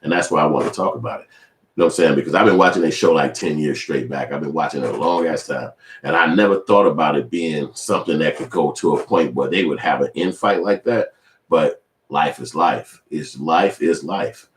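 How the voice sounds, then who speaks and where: A man's voice: very deep voice, fairly quick. A man giving casual, profane, rambling commentary as a vlogger. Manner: profane, rambling, acts out other people's voices. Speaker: vlogger commenting on celebrity feud. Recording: roomy echo.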